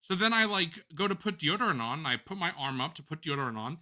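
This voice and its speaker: A man with a very bright, ringing voice and a fairly high pitch tells a long story on a live stream. He talks in a casual, animated and profane way. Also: quick pace, few pauses. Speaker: co-host.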